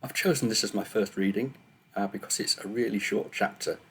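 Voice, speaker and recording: A man with a low, gravelly, slightly husky voice reads his own story aloud to a camera. He opens with nervous, self-deprecating chat before settling into steady narration. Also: brisk. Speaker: author reading own book. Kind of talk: book reading on video.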